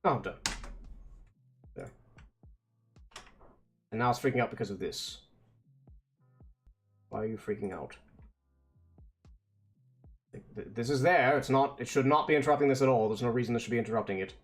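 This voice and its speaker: A male streamer thinks out loud at a mid-pitched, everyday level, mumbling half-sentences and cursing under his breath while he debugs. He slips into plain step-by-step explanations of his code, with faint music playing behind him. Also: expressive, normal speed, long pauses. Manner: mutters to himself, swears, frustrated debugging. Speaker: vtuber streamer. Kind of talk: casual coding stream talk.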